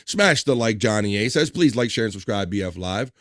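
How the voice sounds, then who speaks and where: A man's voice: fairly low pitch, animated, a little fast, a bit bright, no echo, studio quality. A man hosting a live stream, reading viewer messages aloud in a casual way with crude jokes and chuckles.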